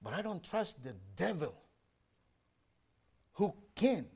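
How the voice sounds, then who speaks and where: A male preacher delivers a sermon in an earnest, emphatic way, pausing over his scripture readings. His voice sits a little high, and his pitch rises and falls a great deal. He takes his time, with an unhurried pace. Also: big pitch swings, vocal fry, darkish tone, breathy edge. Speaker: pastor.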